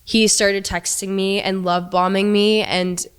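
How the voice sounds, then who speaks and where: A young woman telling her own story candidly and reading messages aloud at a steady clip. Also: medium pitch, unhurried, clean tone, long reverb tail. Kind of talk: personal account, reading out texts.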